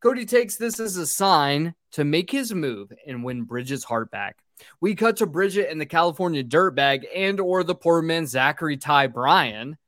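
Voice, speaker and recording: A man's voice: on the high side, animated, normal speed, a bit bright, no room sound, clean studio sound. A man hosting a boozy movie podcast, recapping a film from his script with swearing and jokes. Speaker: podcast host.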